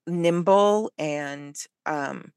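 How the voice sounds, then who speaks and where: A woman guest telling a personal story in conversation, animated and lively, with frequent fillers and restarts. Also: low-pitched, very slow, clean tone, no echo, studio quality. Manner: animated, lively storyteller who acts out what people said; hesitant, with many fillers and restarts.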